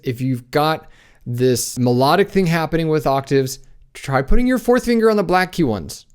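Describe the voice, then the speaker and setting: A man giving a casual piano lesson, talking in a relaxed, conversational way and counting beats aloud while he plays. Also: on the high side, moderate pace, smooth. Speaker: piano teacher. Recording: piano playing loudly behind the voice.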